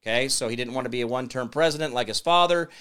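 A man's voice: mid-range voice, rapid-fire, fairly bright tone, clear, resonant tone. Rambling, sarcastic male talk host. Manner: rambling, sarcastic, reads chat comments aloud. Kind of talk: casual political commentary livestream.

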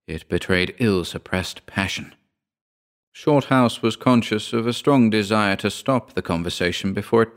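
Deep-voiced man narrating a ghost story.

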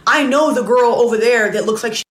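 A woman's voice: fairly high pitch, brisk, roomy sound. A woman content creator giving a blunt, indignant reaction commentary, talking straight to her viewers. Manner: talks while eating.

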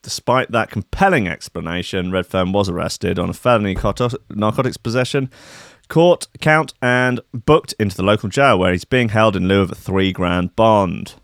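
A man's voice: on the low side, moderate pace, no room sound, clean studio sound. A young man hosting comedic commentary on odd news stories. He talks in a rambling, irreverent way and swears freely. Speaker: host.

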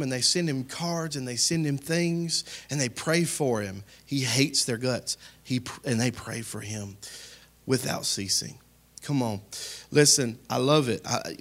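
A man preaching a sermon as pastor, talking straight to his congregation in a conversational way, rising to loud emphatic peaks and dropping to quiet asides. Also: medium pitch. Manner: conversational, addresses the congregation directly.

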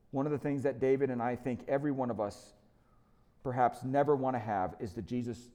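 A man preaching a sermon as lead pastor, telling a story with emphasis and slowing down for quiet, reflective moments. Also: medium pitch.

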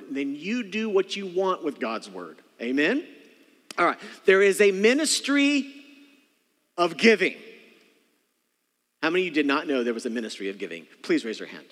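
A man preaching a sermon as pastor, animated, acting out voices and calling for responses from the congregation. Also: mid-range voice, slightly rough, in a large hall. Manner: animated, acts out voices, calls for audience response. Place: church sanctuary.

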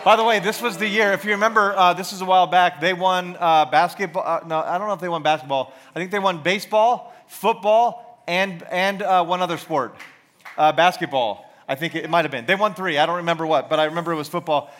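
A man's voice: high-pitched, a little fast, fairly bright tone. A man in his forties from Georgia giving a casual, rambling sermon to a youth group, full of self-deprecating stories, fillers and restarts. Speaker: youth ministry speaker.

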